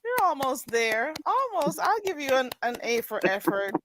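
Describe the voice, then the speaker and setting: A woman's voice: high voice, sing-song, normal speed, a bit bright, slight background noise. A woman hosting a casual chat, patiently coaching a friend through patois phrases and laughing often. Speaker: host teaching patois phrases. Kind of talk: casual language lesson chat.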